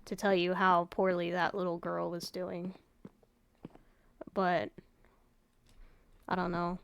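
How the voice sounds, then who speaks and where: A woman chatting in a rambling, low-key way over gameplay, her voice raw and tired, with casual swearing and trailing sentences. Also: monotone, slow, creaky, clear, resonant tone. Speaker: gaming YouTuber.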